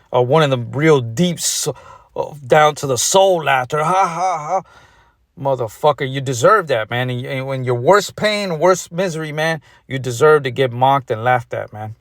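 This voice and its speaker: A man's voice: mid-range voice, no echo, clean studio sound. A man preaching an angry, profane sermon, aggressive, ending nearly every phrase with "man". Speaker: street preacher.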